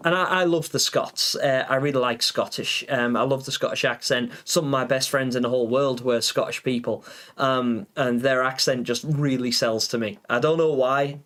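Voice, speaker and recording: A man's voice: mid-range voice, a bit bright. A man chatting casually on a gaming livestream, rambling with lots of fillers and answering viewers. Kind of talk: casual live-stream chat.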